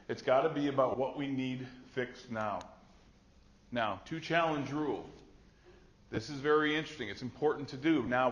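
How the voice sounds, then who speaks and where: A middle-aged man teaches a class of health workers in a conversational, storytelling way, often acting out what people said. His voice sits at an average pitch. The recording is slightly muffled and dull. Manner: conversational, storytelling with acted quotes. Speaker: nursing instructor. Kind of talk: classroom lecture.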